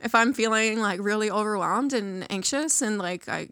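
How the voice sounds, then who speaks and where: Casual woman guest, mid pitch, dry close mic, talks loosely with lots of "like". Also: moderate pace, a bit bright, clear, resonant tone, no room sound. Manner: chatty, many fillers, laughs often. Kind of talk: casual interview conversation.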